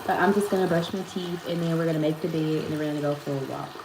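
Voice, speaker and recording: A woman's voice: deep voice, steady tone, rapid-fire, noisy background. A woman, chatting casually with viewers on a live stream from home and greeting them by name. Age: 30s. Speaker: lifestyle vlogger and host. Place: at home, indoors. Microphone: phone on a tripod. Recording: roomy echo with faint ambience.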